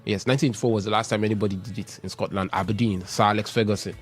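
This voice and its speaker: A man hosting a live radio sports show, talking through football news and reading out contact details in a brisk, repetitive way. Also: lowish voice, steady tone, faint music behind. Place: radio studio.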